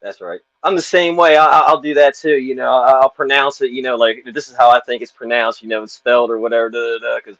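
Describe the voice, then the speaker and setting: A man's voice: mid-range voice, fairly even intonation, fast talker, hardly any pauses, a bit bright, no room sound. A man in his forties with a country accent, hosting an interview and telling stories in a folksy, rambling way full of "you know.". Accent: Southern US country. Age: 40s. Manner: folksy, loose storytelling, many "you know"s. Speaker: interview host. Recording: dull, lo-fi, dry sound.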